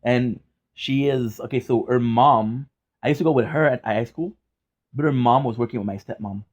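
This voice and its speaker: A man's voice: medium pitch, normal speed, muffled recording. A young man chatting casually in a vlog from his apartment, rambling with restarts and casual swearing. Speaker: gaming vlogger. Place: hot apartment.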